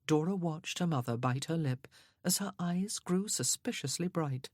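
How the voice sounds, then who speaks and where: A woman narrates an audiobook in a measured, even way. Her voice sits fairly low with a breathy husk, and the recording is dry and close. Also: no room sound.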